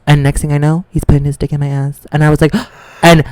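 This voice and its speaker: A young man, podcast co-host, telling a story in casual chat, full of "like" and lively quoted voices. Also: on the high side, quick pace, smooth, no echo.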